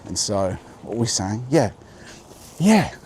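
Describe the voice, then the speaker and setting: A man's voice: on the low side, moderate pace, mellow. A man with a General Australian accent, musing aloud to viewers on a walking vlog outdoors, rambling and reflective as he navigates. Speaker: vlogger. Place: outdoors on a walk near a road, with an umbrella in the rain. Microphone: handheld camera.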